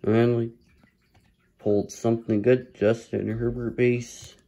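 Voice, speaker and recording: A man's voice: mid-range voice, flat delivery, a little slow, dark tone, rough recording. A man casually narrating as he opens trading card packs, muttering hopeful running commentary. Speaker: card collector opening packs. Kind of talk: casual pack-opening commentary.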